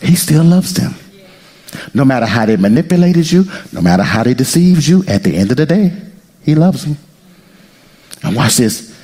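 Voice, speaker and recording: A male pastor preaching an impassioned sermon, swinging from loud cries to near-whispers and breaking into prayer. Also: mid-range voice, very animated, normal speed, long pauses, husky. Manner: prays aloud mid-sermon.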